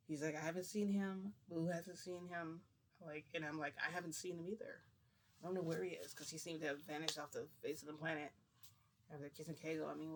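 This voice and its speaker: This man's voice is a little high and creaky, with slight background noise. He's a vlogger rambling through a personal story for the camera in a casual way, playing out the exchanges with "I'm like" and "he goes."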